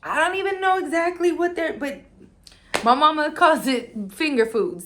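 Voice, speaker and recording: A woman telling a storytime in a casual, animated way, leaning on "like" and acting out what people said, while she is losing her voice. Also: high-pitched, moderate pace, slight background noise. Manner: animated, heavy use of "like", acts out quotes.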